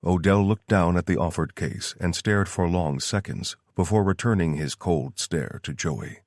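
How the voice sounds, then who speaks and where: A man reading an audiobook in steady, scripted narration. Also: sits low, moderate pace, dry recording, studio quality.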